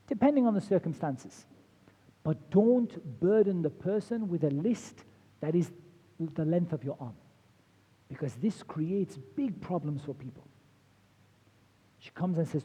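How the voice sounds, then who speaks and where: A man with a high, slightly husky, mellow voice delivers a religious lecture in a conversational way, now and then acting out what spouses say. The sound is dull and lo-fi, with a long hall reverb trailing his words. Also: expressive, normal speed, long pauses. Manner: conversational, acts out quoted spouses. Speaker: Islamic lecturer.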